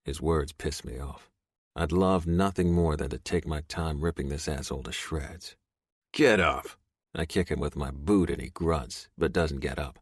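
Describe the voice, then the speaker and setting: A man narrating a romance audiobook in first person, gruff, profane and intense. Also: rumbling low, steady tone, normal speed, a little mellow, no room sound, clean studio sound.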